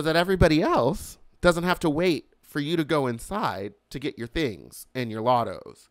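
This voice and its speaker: A man hosting a podcast, delivering a casual comedic monologue with profane ranting and sudden shouted outbursts. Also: mid-range voice, animated, normal speed, few pauses, dry recording. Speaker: podcast host.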